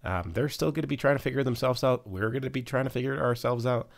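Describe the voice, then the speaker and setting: A man's voice: medium pitch, fast talker, vocal fry. A young man hosting a casual weekly football news recap, swearing freely as he talks. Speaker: sports news host.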